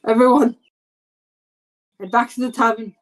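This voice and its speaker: A woman's voice: a little high, fairly even intonation, moderate pace, voice pushed up, lightly acted. A woman voicing a shaken village man who urges everyone back to safety. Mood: shaken, urgent.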